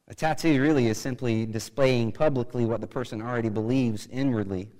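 Pastor preaching in a reverberant hall. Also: male voice, medium pitch, fairly quick, few pauses. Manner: conversational with loud emphatic bursts. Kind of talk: sermon.

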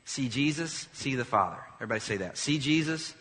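A male pastor preaching a sermon in an animated, emphatic way, with quick asides to the congregation. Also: medium pitch, in a large hall.

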